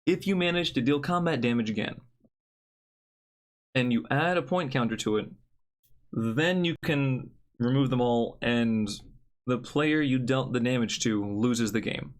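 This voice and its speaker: A man's voice: medium pitch, a little slow. A young man giving a casual, joking card review with blunt opinions.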